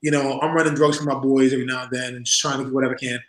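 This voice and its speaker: In a rough recording from an echoey room, a man in his forties who used to wrestle shares stories during a relaxed interview. His mid-range voice comes out rapid-fire as he laughs frequently and imitates other people's voices.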